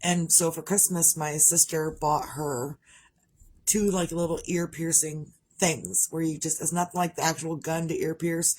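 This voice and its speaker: A woman's voice: sits low, fairly even intonation, unhurried, darkish tone. A middle-aged woman talking candidly in a rambling, casual vlog monologue. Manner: rambling, candid, conversational with frequent restarts. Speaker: parent vlogger.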